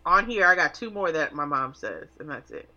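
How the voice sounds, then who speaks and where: Woman in casual chat, super bright voice, dry jokey delivery. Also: low-pitched, very animated, fairly quick, dull audio. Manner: wry, joking, quotes her mom.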